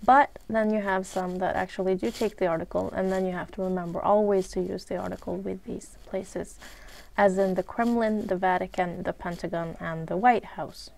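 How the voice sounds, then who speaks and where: A woman with a Swedish accent teaches English grammar in a recorded lesson, speaking at a mid pitch. She moves through long lists of examples one at a time. She often fills her pauses with "uh" as she explains each rule. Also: steady tone, creaky, a little mellow. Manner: measured, lists examples one by one, frequent "uh" fillers.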